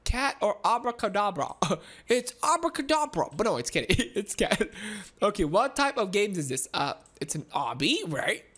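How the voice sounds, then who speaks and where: A woman giving excitable, giggly commentary while playing through a game, with frequent exclamations. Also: medium pitch, normal speed, husky. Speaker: gaming video host. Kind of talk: playthrough commentary.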